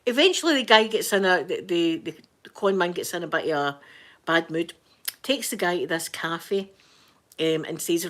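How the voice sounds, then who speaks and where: A woman's voice: mid-range voice, animated, moderate pace, a bit bright. A Scottish woman chatting casually on a live stream, rambling through stories and laughing often. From Scotland. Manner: chatty, rambling storyteller who laughs a lot.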